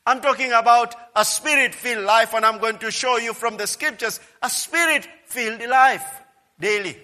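A male pastor preaching a sermon emphatically, swinging from quiet asides to loud, repeated declarations. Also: very high voice, normal speed, long reverb tail.

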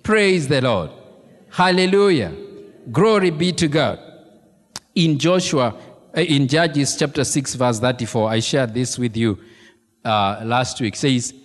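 A man preaching a sermon as pastor, animated and emphatic, repeating key phrases and throwing questions to the congregation. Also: medium pitch, a little slow. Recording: long reverb of a large hall.

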